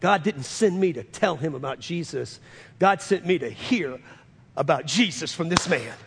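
A male pastor telling a story as part of a sermon, earnest and building to loud, fervent peaks. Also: a little high, expressive, moderate pace, gravelly, noisy background. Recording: long hall reverb.

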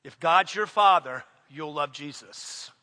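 A man's voice: on the high side, takes it slowly. Impassioned preacher man in a reverberant hall. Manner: impassioned, swings from hushed to shouting. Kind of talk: sermon.

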